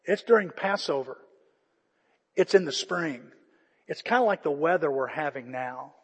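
Here an older pastor retells scripture with feeling in a conversational sermon to his congregation. He speaks at normal speed in a husky, slightly high voice with lively intonation, and the sanctuary's hall adds long reverb.

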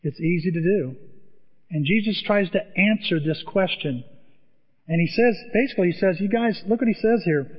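A man preaching a sermon, telling stories in a lively way and acting out the voices of the people he quotes. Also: sits high, normal speed, breathy edge. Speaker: pastor. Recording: dull sound with long hall reverb.

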